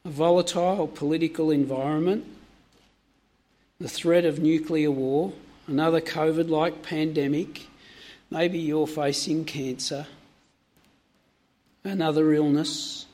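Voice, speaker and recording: A man's voice: fairly high pitch, steady tone, measured pace, long pauses, mellow. A man preaching a sermon, asking his listeners many direct questions.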